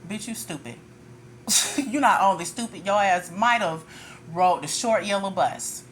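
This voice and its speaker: A woman's voice: medium pitch, unhurried, a little hiss or hum. A woman tarot reader ranting in a casual monologue, blunt and profane, with frequent laughter.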